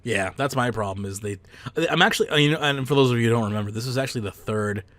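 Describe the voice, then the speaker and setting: A man hosting a casual podcast, rambling and loose with plenty of filler words. His voice sits at a middle pitch and is recorded dry and close on a headset mic. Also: fast, fairly bright tone, dry recording. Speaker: podcast host.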